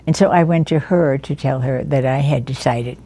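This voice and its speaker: A woman in her nineties telling the story of her life in an interview, lively and anecdotal, often chuckling as she recalls people. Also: rumbling low, moderate pace. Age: 90s. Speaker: interviewee, veteran educator.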